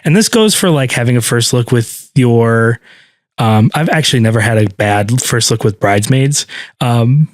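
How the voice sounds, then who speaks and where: A man's voice: mid-range voice, expressive, moderate pace, no echo, clean studio sound. A man co-hosting a podcast as a wedding videographer, talking in an easygoing, chatty way with frequent laughs. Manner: easygoing, laughs often, lots of fillers. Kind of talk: casual chat.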